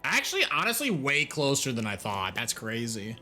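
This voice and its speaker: A man's voice: medium pitch, huge pitch swings, moderate pace, bright, forceful tone, soft background music. A young man chatting casually while streaming a game live, reacting aloud to what happens and to his chat.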